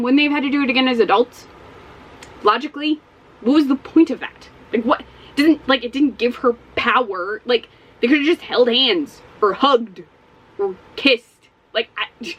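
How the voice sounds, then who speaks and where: A woman giving a casual spoken book review as a vlogger, animated and exasperated, swearing often. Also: high-pitched, poor audio.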